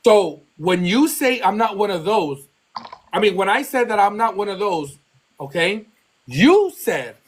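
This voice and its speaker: A woman's voice: mid-range voice, big pitch swings, measured pace, slightly rough. A woman from Texas, hosting a live call and defending herself, repeating points and talking over the other speaker. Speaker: live stream host. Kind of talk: heated argument on a live call.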